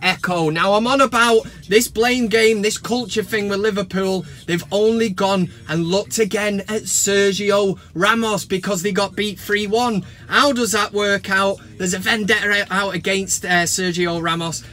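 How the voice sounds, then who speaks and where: An English man hosting a football fan vlog, talking to camera in an animated, sarcastic rant and swearing freely. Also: high-pitched, measured pace, few pauses.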